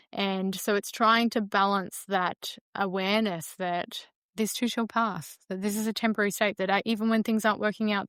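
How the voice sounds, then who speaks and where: A woman's voice: mid-range voice, clean tone, dry recording, clean studio sound. A woman hosting a solo podcast, talking through her feelings in a reflective, meandering way with frequent fillers. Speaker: podcast host.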